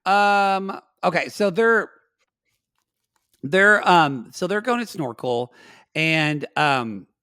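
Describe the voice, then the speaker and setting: A man, co-hosting a podcast and recapping a reality show in animated casual chat with loud dramatic outbursts. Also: high-pitched, slow, long pauses, clean tone, dry recording, studio quality. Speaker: podcast co-host.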